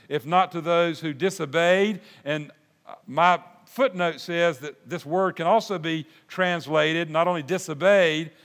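An older man preaching a sermon, folksy and animated, with restarts and asides. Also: on the high side. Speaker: pastor. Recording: long hall reverb.

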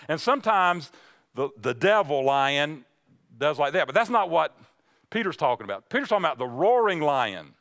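Pastor, middle-aged man, high voice, loose conversational sermon delivery with restarts and acted-out lines. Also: fairly bright tone. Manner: conversational, repeats words, voices the lion's claims.

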